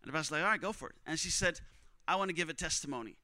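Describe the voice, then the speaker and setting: A young man preaching, telling a missionary story with strong emotion, often dropping to a hush for other people's words. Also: on the high side, racing, no echo. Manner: emotional, quotes others in hushed voices. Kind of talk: sermon storytelling.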